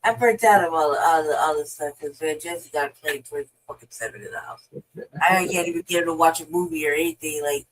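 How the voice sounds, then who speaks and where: A woman's voice: low-pitched, fairly quick, slight background noise, rough recording. A woman co-hosting a podcast in casual chat, blunt and swearing freely, often restarting her sentences. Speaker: podcast co-host.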